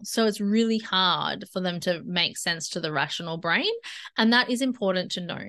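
A woman hosting a solo relationship-advice podcast, talking conversationally and acting out inner dialogue in quick asides. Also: medium pitch, pushed and bright. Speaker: podcast host.

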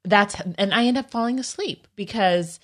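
A woman with a Southern accent co-hosting a casual faith chat, talking in an earnest, reflective, halting way. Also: mid-range voice, fairly bright tone. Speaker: podcast co-host.

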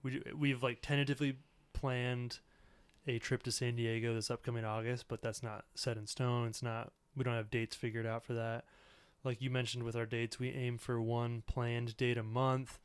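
A man's voice: mid-range voice, little pitch movement, normal speed, smooth, no room sound. A man in his thirties hosting a casual podcast with his wife, talking in an earnest, reflective way with many filler words. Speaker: podcast host.

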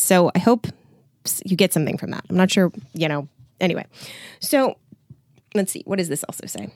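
Casting: woman podcaster and coach with a lowish voice, reads aloud then chats loosely, dry close sound. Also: expressive, fairly quick, no room sound. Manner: conversational, frequent filler words. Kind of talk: reading from a book aloud with casual commentary.

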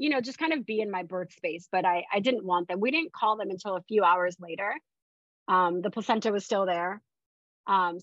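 A woman's voice: medium pitch, no room sound. Woman, from Florida, podcast guest, chatty storytelling, muffled lo-fi audio. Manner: chatty, animated retelling, frequent fillers. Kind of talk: casual personal storytelling. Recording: dull, dry lo-fi sound.

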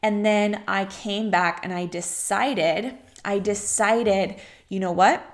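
A woman's voice: medium pitch, slow. A young pregnant woman, a business coach, talking emphatically in a motivational podcast, repeating phrases and acting out her own inner voice.

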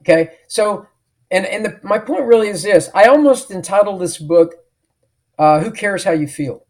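High-voiced emphatic male storyteller. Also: lively intonation, normal speed, a little mellow. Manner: emphatic storyteller who acts out remembered dialogue. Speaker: author and podcast guest. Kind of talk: storytelling in an interview.

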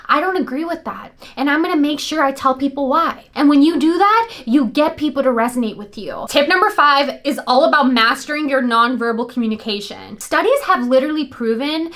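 A young woman with a high-pitched voice gives upbeat, emphatic advice straight to camera as the channel host. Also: a bit bright.

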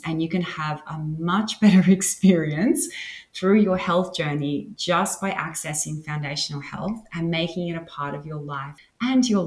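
A woman hosting a solo wellness podcast, talking enthusiastically and laughing often between her points. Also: lowish voice. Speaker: podcast host. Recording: roomy echo.

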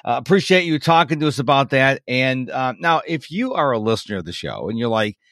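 A man co-hosting a podcast in casual chat, rambling and joking at his own expense, often breaking into lively, animated bursts. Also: medium pitch, brisk, dry recording, studio quality. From Texas. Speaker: podcast co-host.

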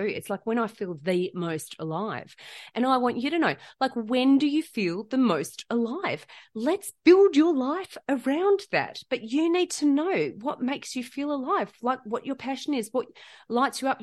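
A middle-aged woman hosting a reflective solo podcast, talking in an earnest, heartfelt way and repeating phrases for emphasis. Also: mid-range voice. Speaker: podcast host.

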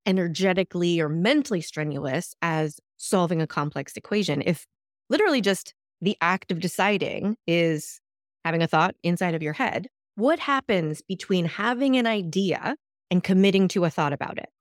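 A woman hosting a solo self-help podcast, talking in a lively coaching tone. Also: on the low side, moderate pace, no room sound, studio quality. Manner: lively coaching tone, acts out imagined reactions. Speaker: podcast host.

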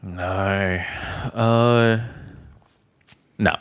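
A man co-hosting a casual podcast, his voice a little low for a man. He mostly listens and chips in with short, relaxed answers. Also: drawn-out words, smooth. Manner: brief listener replies, laid back. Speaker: podcast co-host. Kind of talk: casual chat.

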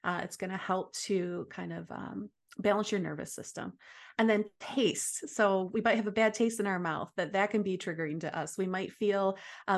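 A woman, a Reiki practitioner, giving soft, gentle calming advice as a podcast guest. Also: mid-range voice.

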